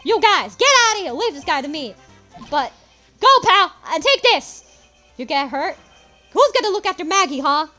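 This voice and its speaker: A woman voicing a loyal, bumbling male police detective who blusters loudly and protectively, with faint game music behind. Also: extremely high pitch, very animated, normal speed, voice pushed up, heavily acted. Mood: urgent.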